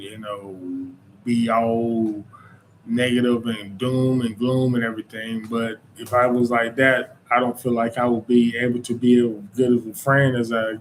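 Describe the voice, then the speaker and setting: A man with a North Carolina Southern accent hosts his own show in a loose, rambling monologue. His voice sits at an ordinary middle pitch and keeps circling back with "you know" and "man". A faint noise hums behind him. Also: rough recording. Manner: informal Southern speech. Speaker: podcast host. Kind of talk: casual monologue.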